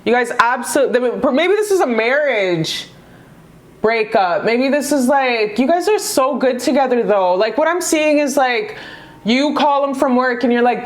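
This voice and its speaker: A Canadian tarot reader chats casually with her viewers, effusive and affectionate and swearing freely. Her voice is high and expressive, at a moderate pace.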